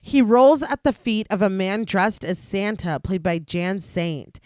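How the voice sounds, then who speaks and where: A woman podcast host reading a steady, scripted recap of a film's plot, with dry asides. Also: mid-range voice, unhurried, dry recording.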